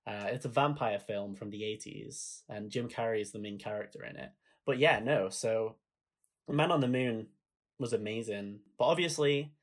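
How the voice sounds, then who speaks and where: A man co-hosting a podcast, chatting casually and enthusiastically about films, retelling favourite scenes with laughter. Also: mid-range voice. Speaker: podcast co-host. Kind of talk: casual film chat.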